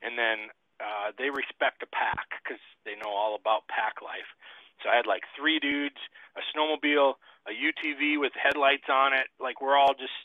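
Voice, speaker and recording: A man telling a story in a folksy, animated way, as a guest on a casual chat over a video call. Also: medium pitch, moderate pace, no room sound. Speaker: guest, trapper and shooter. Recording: tinny satellite video call.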